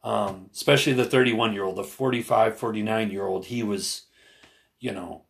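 A man with a low, gravelly voice talks through a casual podcast conversation. He is earnest and hesitant, full of fillers and restarts. When he retells what other people said, he pushes his voice up higher and gets animated. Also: moderate pace. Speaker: podcast co-host.

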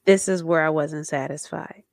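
A woman co-hosting a casual chat about a documentary, telling it with lively acted-out quotes. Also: deep voice, moderate pace, vocal fry, no echo, studio quality. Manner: animated storytelling with acted-out quotes. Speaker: podcast co-host.

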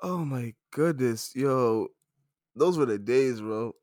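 Animated young man with a lively voice. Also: mid-range voice, slow, no echo, clean studio sound. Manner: animated storytelling with loud shouted impressions and frequent laughter. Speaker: podcast co-host. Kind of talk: casual chat.

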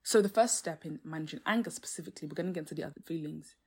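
Young female podcast host, breathy voice, earnest and lively, faith talk. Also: low voice, very fast. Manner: earnest, animated, exclaims and laughs. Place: home, street noise outside.

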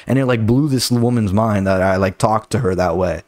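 Casting: a low-voiced guy comic, rambling and cursing, recorded dry and close. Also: brisk, few pauses, no echo. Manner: profane, rambling, loose. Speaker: comedian and podcast host. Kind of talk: casual comedic storytelling.

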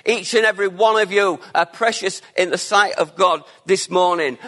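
A man preaching a sermon, earnest and emphatic, with quieter asides between his declarations. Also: high-pitched, moderate pace, few pauses.

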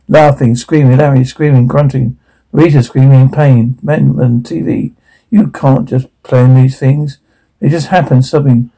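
A man reads out every line of a drama's subtitles, sound cues included, in the same flat, even voice. His tone is mellow and husky, with a gravelly fry. He reads steadily and gives no character a voice of its own. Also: medium pitch, measured pace, poor audio. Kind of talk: reading subtitles and sound captions aloud.

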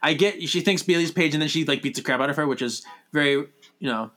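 A man talks through a TV episode with a friend, getting animated and gushy. His voice sits a little on the high side. He jumps into over-the-top impressions of the characters mid-sentence. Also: fast. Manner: animated, gushing, with dramatic quoted outbursts. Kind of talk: casual chat recapping a TV episode.

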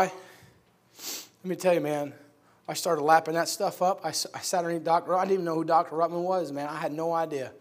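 A man from upstate New York preaching a sermon, telling stories and swinging from hushed asides to loud shouts. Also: a little high. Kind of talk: sermon storytelling.

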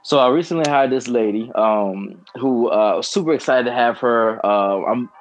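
A man's voice: mid-range voice, moderate pace, faint music behind. A man guesting on a podcast, telling a personal testimony in an earnest, rambling way.

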